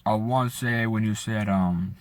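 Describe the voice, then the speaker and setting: A man's voice: on the low side, fairly even intonation, moderate pace. A young man from Bakersfield, California, with a slight Southern twang in his Central Californian accent, chatting casually to camera in a rambling way. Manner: chatty, rambling, sprinkled with "like" and "right?". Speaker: vlogger. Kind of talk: casual vlog talk to camera.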